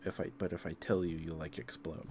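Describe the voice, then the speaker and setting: Breezy, chummy deity, slightly condescending, played by a man with his deep voice raised. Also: little pitch movement, a little fast, noisy background, lightly acted. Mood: casual, offhand. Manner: offhand, chummy, talks down to the listener. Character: breezy, casual God speaking to Moses.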